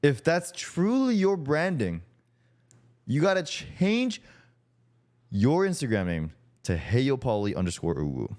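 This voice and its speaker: A man's voice: medium pitch, sing-song, unhurried, a little mellow. A young man hosting a streamer podcast, teasing his guest in casual chat, swearing freely and laughing often.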